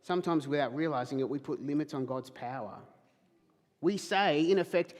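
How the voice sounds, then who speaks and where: A man's voice: a little high, lively intonation, normal speed, darkish tone, in a large hall. A man preaching a sermon as pastor, emphatic, acting out quoted questions. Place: church hall.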